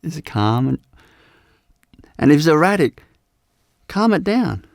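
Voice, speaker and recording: Slow, gravelly spiritual teacher, man. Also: fairly high pitch, very animated, dry recording, studio quality. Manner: unhurried, repeats phrases, many "you know"s. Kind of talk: live spiritual talk.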